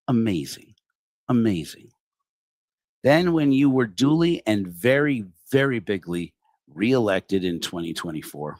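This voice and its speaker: A middle-aged man hosting a livestreamed satirical sermon, addressing his target with sarcastic, theatrical mock flattery. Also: medium pitch, normal speed, no echo, clean studio sound. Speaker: host of a secular online congregation.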